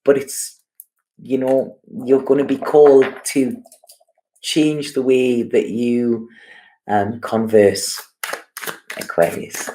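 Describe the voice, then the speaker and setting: A woman giving a casual tarot reading, talking in an unhurried way and often checking in with "you know" and "okay". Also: very deep voice, steady tone, dark tone, slight background noise. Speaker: tarot reader.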